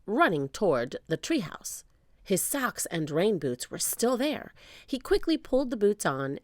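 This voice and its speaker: A woman narrating a children's book aloud with expressive storytelling. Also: low voice, dry recording, studio quality.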